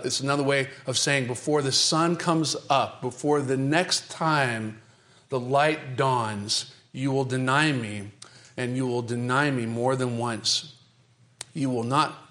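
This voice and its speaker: A man preaching from the pulpit in a dramatic, emphatic style, building through repeated phrases. His delivery swings between driving, quickened bursts and slow, weighty stretches. He addresses the congregation with pointed rhetorical questions. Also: mid-range voice. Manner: dramatic, emphatic delivery with repetition and sudden shifts in pace and loudness. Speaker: pastor. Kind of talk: sermon.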